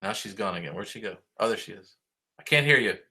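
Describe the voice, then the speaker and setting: In a lowish, expressive voice that's pushed and bright, a middle-aged high school band director speaks fast on a video call. He praises his seniors cheerfully, rambling and full of fillers.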